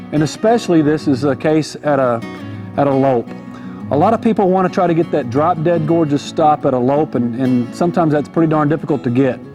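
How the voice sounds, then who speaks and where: A man, a horse trainer, giving an easygoing, folksy riding lesson from horseback in an arena, repeating his key points. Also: on the high side. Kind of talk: instructional riding demonstration. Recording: music playing behind.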